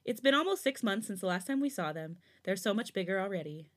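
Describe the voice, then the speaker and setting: A woman's voice: medium pitch, expressive, quick pace. A young woman hosting a podcast, casually reading fan fiction aloud and breaking off for giggly, chatty asides.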